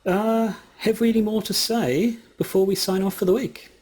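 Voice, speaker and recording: In casual podcast chat, this male co-host rambles with hesitation, leaning on fillers and restarting often. His husky voice sits high, staying steady in tone at a normal speed, and is a little mellow.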